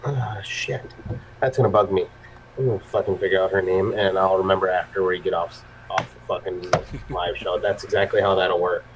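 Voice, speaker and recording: A man's voice: sits low, steady tone, a little fast, a little hiss or hum. A man hosting a live show in casual chat, telling funny stories full of laughs and constant swearing. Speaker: host of a live vaping show. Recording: muffled lo-fi audio.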